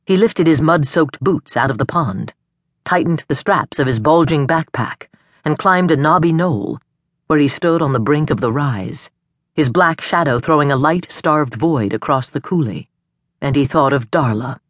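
A woman narrating a suspense audiobook in a measured, expressive storytelling manner, recorded on a studio microphone. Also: deep voice, no room sound.

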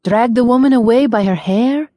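A woman voicing a guilt-ridden young male prince, speaking low, weary and stern. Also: normal speed, mellow, dry recording, clean studio sound, close to an everyday voice. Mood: brooding.

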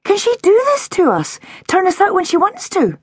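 A woman voicing a bold, indignant nine-year-old girl who talks bluntly and cheekily, pitched well above her own voice. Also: wildly swooping pitch, moderate pace, no echo, clean studio sound, heavily acted.

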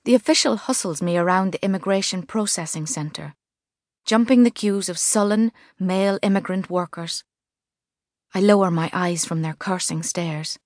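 A woman reading a first-person novel as narrator, measured and vivid. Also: fairly low pitch, darkish tone, no room sound, clean studio sound. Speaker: audiobook narrator. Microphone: studio mic.

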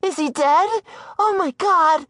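Male narrator putting on a panicked, pleading woman, pitched way up; desperate, bossy. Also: slow, sharp tone, dry recording, exaggerated voice. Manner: frantic, pleading.

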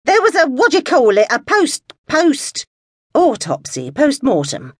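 For an audiobook, a woman voices a querulous, pushy older woman on the phone, whiny and impatient. The heavily acted delivery is pitched above her natural voice, a little high and a bit bright, swooping wildly in pitch at a moderate pace. The studio sound is clean, with no room sound.

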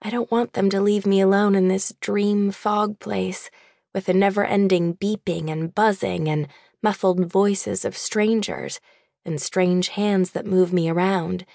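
Woman, audiobook narration, soft, intimate, measured, gravelly edge. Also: medium pitch, no room sound, studio quality. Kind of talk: scripted first-person novel narration. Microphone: close studio mic.

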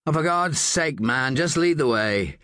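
Man doing an impatient gruff old general, curt and slow, dry sound. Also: a little high, expressive, pushed and bright, dry recording. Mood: irritated.

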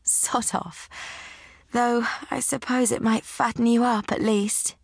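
A cheeky, bossy woman in her thirties, gravely ill but still teasing, as a woman narrator puts her on. Her voice sits a little higher than the narration and drops toward a breathy half-whisper. The sound is close and dry. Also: level tone, takes it slowly, no echo, exaggerated voice. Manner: teasing, bossy, soft-spoken.

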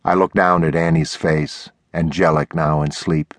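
A man narrating a thriller audiobook in the first person, measured and deliberate, recorded on a close studio mic. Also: extremely low pitch, level tone, dry recording.

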